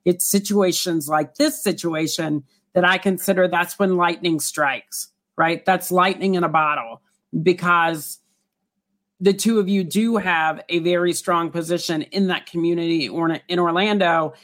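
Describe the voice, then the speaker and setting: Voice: mid-range voice, steady tone, unhurried, a bit bright. Reflective Southern US host. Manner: reflective, leading questions. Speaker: talk show host. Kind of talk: conversational interview hosting.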